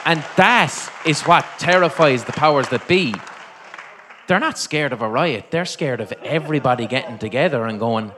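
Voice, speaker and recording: A man's voice: medium pitch, lively intonation, normal speed, bright, forceful tone, some chatter behind. An Irish man doing profane, rambling live stand-up comedy as host in a venue. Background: faint audience.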